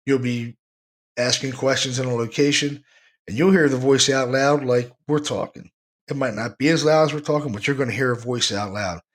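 A man's voice: medium pitch, moderate pace. A man hosting a paranormal talk show, rambling in a casual, enthusiastic way and often repeating himself. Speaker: paranormal podcast host.

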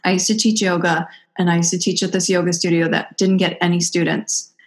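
Middle-aged woman guest, low voice, chatty animated storyteller. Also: brisk. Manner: animated, acts out quoted voices. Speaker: guest, Ayurvedic practitioner. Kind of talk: casual conversational storytelling.

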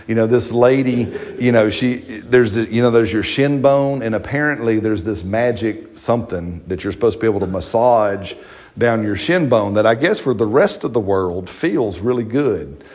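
With a fairly low, slightly mellow voice at an ordinary pace, a middle-aged pastor delivers his sermon casually and with humor. He often checks in with the congregation by asking questions, and he repeats and restarts his lines.

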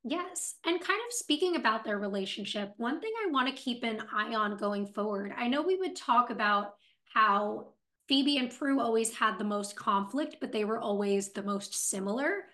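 A woman co-hosting a casual TV recap podcast, her voice pitched somewhat high. She talks in a reflective, analytical way about characters' feelings. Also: animated, normal speed, fairly bright tone. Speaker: podcast co-host.

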